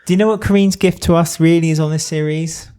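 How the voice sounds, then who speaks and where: A man co-hosting a casual podcast chat, animated and dropping into voices of the people he retells. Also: fairly high pitch, fast talker, clear, resonant tone. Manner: animated, does voices of contestants while retelling. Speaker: podcast co-host.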